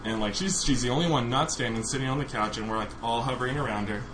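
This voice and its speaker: A man's voice: medium pitch, fast talker. A man casually telling a funny story on a podcast, laughing often as he goes. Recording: noisy recording.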